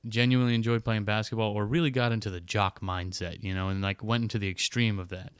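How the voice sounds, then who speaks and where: Man co-host, casual chat, smooth resonant voice, dry close sound, rambling and joking. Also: fairly low pitch, steady tone, quick pace, no room sound. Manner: rambling, joking, many fillers. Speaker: podcast co-host.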